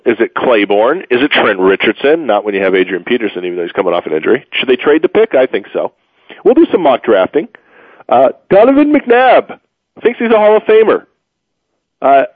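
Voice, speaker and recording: A man's voice: medium pitch, no echo. Guy hosting sports radio, rambly and jokey, tired, dry tinny phone-line sound. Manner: rambling, joking, with many fillers. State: tired from moving. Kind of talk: casual sports talk radio.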